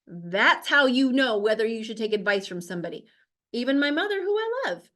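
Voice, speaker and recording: Woman host, high voice, blunt, emphatic, motivational talk. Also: big pitch swings, a little fast, a bit bright. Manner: blunt, emphatic, fires rhetorical questions. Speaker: host, health coach.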